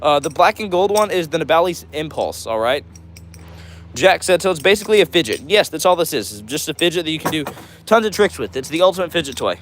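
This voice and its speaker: A man's voice: fairly high pitch, big pitch swings, brisk, slight background noise. A man hosting a casual livestream, reading out chat comments in a chatty, upbeat way and often saying "all right". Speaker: livestream host.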